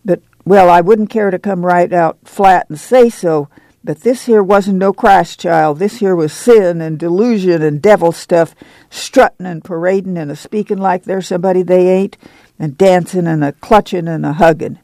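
A man's voice: sits high, normal speed, darkish tone, no room sound. A man voicing a fierce, pious, stocky older woman with a who scolds and preaches warnings. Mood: scolding.

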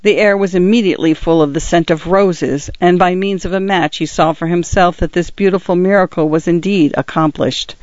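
A man narrating an audiobook as a measured, steady reader. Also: high-pitched, dry recording. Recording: dry, somewhat muffled recording.

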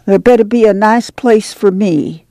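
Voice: medium pitch, unhurried, warm tone, no echo, voice pushed up, close to an everyday voice. A reader voicing a sulky, complaining young pregnant woman in whiny rural dialect.

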